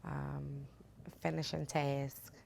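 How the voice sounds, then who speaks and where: A young woman speaking as an interview guest, candid and soft-spoken, with casual fillers. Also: rumbling low, level tone, extremely slow, vocal fry, slight background noise. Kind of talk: candid personal conversation.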